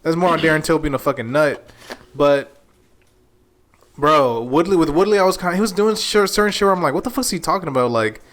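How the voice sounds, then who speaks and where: A man hosting a podcast, chatting casually and telling sports stories in a loose, profane, animated way. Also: fairly high pitch, brisk. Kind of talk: casual chat.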